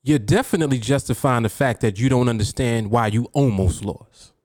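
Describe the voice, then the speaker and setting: A man's voice: mid-range voice, brisk, a little mellow, no echo, studio quality. A man with a New York accent hosting a solo podcast, lecturing in a preachy way and throwing out rhetorical questions. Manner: preachy, rhetorical, keeps asking "you see?". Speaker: podcast host and trading coach.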